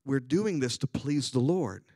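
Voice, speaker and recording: A man preaching a sermon as a bishop, telling a story and swinging from hushed asides to loud, excited passages. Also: mid-range voice, unhurried, slightly rough, no room sound, studio quality.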